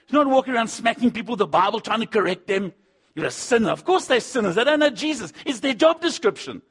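A man preaching a sermon, swinging between loud punchy lines and low asides, acting out the voices he quotes. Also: lively intonation, quick pace, slightly rough. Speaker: pastor.

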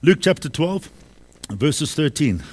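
A man's voice: a little high, sing-song, slow pace, breathy edge. A man preaching a sermon to his congregation, emphatic, repeating key phrases and asking them questions. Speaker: pastor. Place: church service.

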